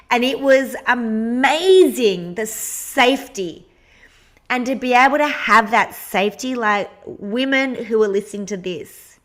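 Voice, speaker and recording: A woman co-hosting a podcast interview, talking in an animated, candid way and swearing freely. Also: medium pitch. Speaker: podcast co-host. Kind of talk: casual conversational interview.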